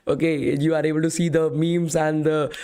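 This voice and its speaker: A man's voice: a little high, flat delivery, moderate pace, dark tone, clean tone. A young man from India with an Indian English accent, leading a live coding bootcamp class with a voice strained from talking all day, chatty and often saying "okay" and "guys". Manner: chatty, repeats "okay" and "guys", reads chat questions aloud.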